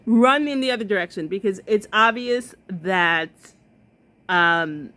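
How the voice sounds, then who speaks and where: A woman's voice: medium pitch, expressive, slow, sharp tone. A woman hosting a reaction video, giving blunt, sassy commentary, swearing freely and laughing often. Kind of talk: casual commentary.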